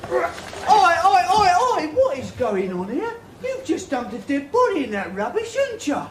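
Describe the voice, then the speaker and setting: A man's voice: extremely high pitch, wildly swooping pitch, normal speed, slight background noise, heavily acted. An actor with a British accent playing an indignant, officious male rubbish collector in a studio sitcom. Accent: British English. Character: indignant male binman, preachy. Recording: roomy TV sitcom set with audience.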